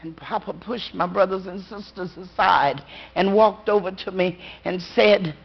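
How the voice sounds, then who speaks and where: A woman storyteller telling a ghost story to a live audience in a slow, dramatic rhythm with long pauses. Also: medium pitch, creaky, slightly rough. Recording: dull lo-fi live recording.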